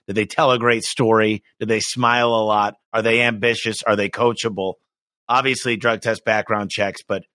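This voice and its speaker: A middle-aged man talking in a casual podcast interview, energetic and emphatic, often restarting his sentences. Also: lowish voice, no echo. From United States. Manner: energetic, emphatic, quick restarts, acts out quoted voices. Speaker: business owner guest.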